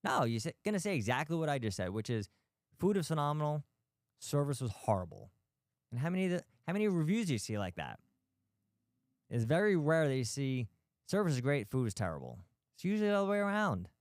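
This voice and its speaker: A man's voice: fairly high pitch, very animated, quick pace, no room sound, clean studio sound. A man hosting a talk for healthcare practice owners, blunt and emphatic, firing off rhetorical questions and the odd swear word. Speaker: podcast host, physical therapist.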